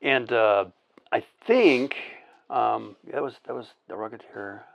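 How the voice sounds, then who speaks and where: A man with a mid-range voice chatting on a podcast set, spinning an anecdote. He swears casually, stumbles and restarts, and punches up his story with sound effects and shouted quotes. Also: medium pitch, slow pace, gravelly, muffled recording. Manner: profane, full of restarts.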